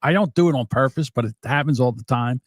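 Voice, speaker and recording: A man's voice: mid-range voice, quick pace, no echo, studio quality. An older man co-hosting a podcast, talking bluntly in casual chat. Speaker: podcast co-host.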